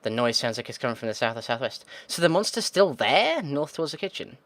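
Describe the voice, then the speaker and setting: A man's voice: medium pitch, very animated, fast, a bit bright, no echo. A man narrating a text game, reading its descriptions aloud and muttering frustrated, sweary asides as he thinks aloud. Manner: thinks aloud, reads text then reacts. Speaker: gaming video host.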